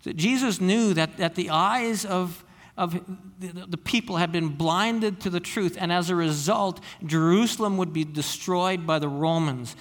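A man's voice: high-pitched, fairly bright tone, big-room sound. A man preaching a sermon as pastor, earnest and often repeating words as he restarts phrases.

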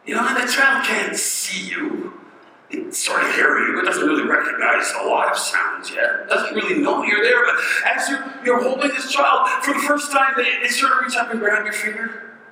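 Bright, animated preacher man in an echoey hall. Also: very high voice, slight background noise. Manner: conversational and animated, with pauses and rhetorical questions. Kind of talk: sermon. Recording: echoey hall, mic at a distance.

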